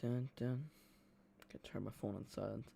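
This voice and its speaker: Streaming a football watchalong from home, this young man from Ireland offers casual live commentary, rambling along with frequent restarts. He speaks at a normal pace in a fairly low, warm, creaky voice with fairly even intonation. A little hiss or hum sits under the recording.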